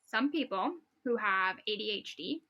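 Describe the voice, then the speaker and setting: A woman's voice: medium pitch, unhurried, dull audio. A young woman co-hosting a podcast, chatting casually and reading posts aloud while often breaking into giggles. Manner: giggly and animated, often laughing mid-sentence. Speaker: podcast co-host.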